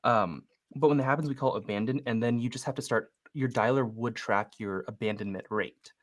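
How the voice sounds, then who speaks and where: A young man coaching a real estate agent on a casual call, talking quickly and acting out both sides of his cold calls. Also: medium pitch. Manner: quick and animated, acts out phone calls in voices.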